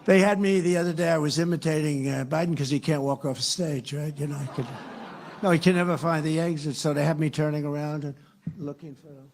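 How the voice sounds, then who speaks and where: A man's voice: a little high, steady tone, a little fast, darkish tone, a little hiss or hum. A man from the United States, a political candidate, giving a rambling, sarcastic campaign rally speech full of repetition. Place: live rally.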